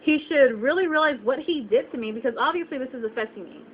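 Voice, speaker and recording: A woman's voice: high-pitched, animated, quick pace, slight background noise. Upset woman venting to her webcam. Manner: upset, repetitive, rhetorical questions. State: close to tears. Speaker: vlogger. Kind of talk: emotional venting to camera. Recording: dull lo-fi webcam audio.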